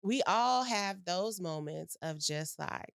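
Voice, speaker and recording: Animated woman podcast host. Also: fairly low pitch, slow, vocal fry, clear, resonant tone, no room sound, studio quality. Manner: animated, playful, self-mocking. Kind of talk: casual podcast conversation.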